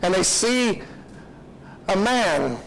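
A man's voice: high voice, lively intonation, drawn-out words, gravelly, a little hiss or hum, low-quality recording. A man preaching a sermon, retelling a story in an earnest, reflective way.

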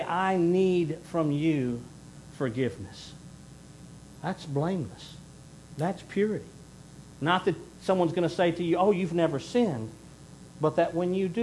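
Earnest preacher man, fairly high voice. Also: a little hiss or hum, low-quality recording. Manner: earnest preaching, swings between loud emphasis and hushed pleading. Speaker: pastor. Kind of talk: sermon.

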